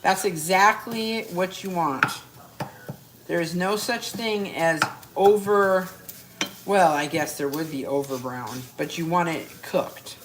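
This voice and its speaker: Lowish-voiced woman doing a live cooking demo in her kitchen, chatty and brash, swears a lot, faint noise behind. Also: slow. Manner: brash, joking, talks straight to viewers, swears casually. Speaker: cooking coach hosting a live stream. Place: home kitchen at the stove.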